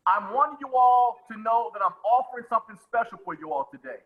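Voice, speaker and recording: A man's voice: extremely high pitch, animated, a little fast, phone-quality sound. A man coaching a live webinar on sales presentations, who talks with energy, repeats his phrases and calls on attendees by name.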